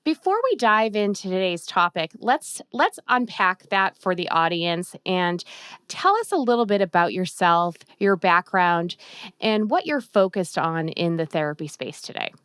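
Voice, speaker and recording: A woman's voice: on the low side, animated, measured pace, a bit bright, clean tone, dry recording, studio quality. A woman hosting a podcast, reading a polished intro and putting questions to her guest. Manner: polished, welcoming presenter. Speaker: podcast host. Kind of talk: scripted podcast intro and interview.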